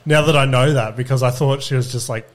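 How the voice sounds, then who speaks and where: A man's voice: mid-range voice, steady tone, fast talker. A man, chatting and joking as a podcast co-host. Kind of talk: casual chat.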